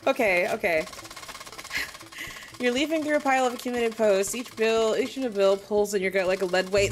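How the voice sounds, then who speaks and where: A young woman streaming a game, reading its text aloud and bursting into loud, cursing, indignant rants. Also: mid-range voice, normal speed, slight background noise. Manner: swears a lot, laughs mid-sentence. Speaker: VTuber streamer. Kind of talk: casual gameplay commentary.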